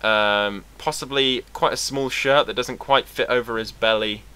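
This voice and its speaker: A young British man from England talking to camera in a casual, rambling vlog, sarcastic and quick to swear. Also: mid-range voice, steady tone, pushed and bright, clear, resonant tone. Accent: British English. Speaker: vlogger.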